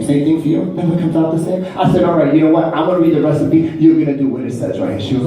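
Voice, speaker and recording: A man's voice: fairly high pitch, very fast, hardly any pauses, warm tone, heavy reverb, distant mic, low-quality recording. A man performing a brash, profane stand-up comedy set in a club, acting out other people's voices. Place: comedy club stage before a laughing audience.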